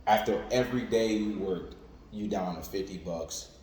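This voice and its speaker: A man delivers an informal sermon in a loose, conversational way, circling back to the same phrases and leaning on "like" and "you know what I'm saying". His voice sits on the lower side. The recording rings with a long hall reverb over a faint room hum. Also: normal speed, a little mellow. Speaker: preacher.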